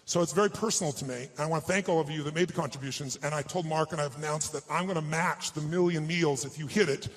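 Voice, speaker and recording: A man giving a motivational speech and telling a personal story to an audience. He sounds heartfelt, slows down for emotional moments, and turns persuasive and rallying. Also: fairly high pitch. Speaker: motivational speaker.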